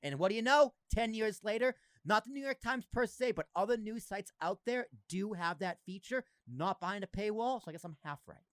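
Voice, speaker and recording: A man's voice: sits high, animated, a little fast, hardly any pauses, fairly bright tone, smooth, dry recording. A man in his thirties hosting a podcast, chatting casually and animatedly, with lots of fillers and some swearing. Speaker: podcast host. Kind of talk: casual chat.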